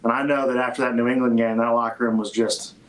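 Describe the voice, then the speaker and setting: Male athlete, mid-pitch, halting and reflective in an interview. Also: level tone, rough recording. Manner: halting, many restarts and fillers. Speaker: football player. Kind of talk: interview conversation.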